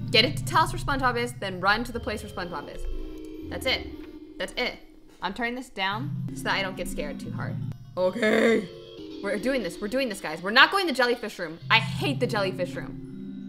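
A young woman streaming a video game, chatting to her viewers in casual gameplay commentary full of exclamations. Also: medium pitch. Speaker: gaming streamer. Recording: music playing behind.

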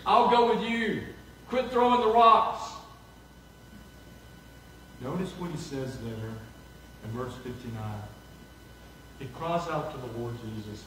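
A man preaching a sermon, animated and acting out the voices of people he quotes. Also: mid-range voice, slight background noise. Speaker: pastor. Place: church sanctuary. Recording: echoey hall from far off.

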